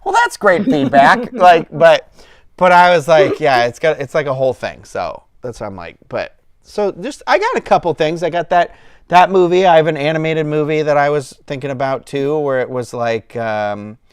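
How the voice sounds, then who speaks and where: A man's voice: a little high, animated, normal speed, smooth, no echo, studio quality. A man in his thirties hosting a casual chat with a friend, rambling with lots of fillers and quoted asides. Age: 30s. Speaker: channel host.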